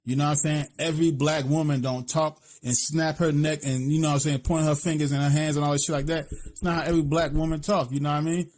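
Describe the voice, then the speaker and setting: Over soft background music, a Philly-accented podcast co-host speaks quickly with few pauses, his voice high-ish, flat, and darkish. He keeps things blunt and profane, constantly asking "you know what I'm saying."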